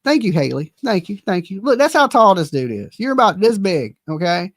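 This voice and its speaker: High-voiced mocking man ranting. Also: very animated, a little fast, no echo, clean studio sound. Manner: mocking, profane, laughing often. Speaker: commentary streamer. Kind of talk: casual reaction commentary.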